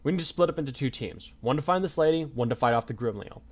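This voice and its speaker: A man's voice: mid-range voice, animated, quick pace, pitched above the performer's own voice, lightly acted. A man voicing a stern, commanding young swordsman leading his friends.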